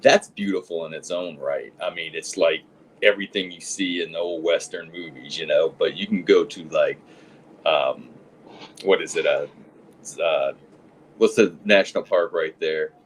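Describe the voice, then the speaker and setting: A man's voice: deep voice, moderate pace, a little hiss or hum, low-quality recording. A man in casual chat, telling a meandering travel story with many hesitations.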